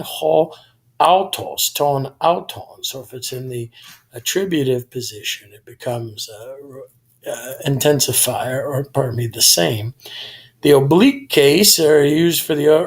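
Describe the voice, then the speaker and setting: A man walking through a grammar lesson in a methodical, explanatory way. His voice sits a little higher than most men's. He pauses to correct himself and then carries on. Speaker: Greek tutor.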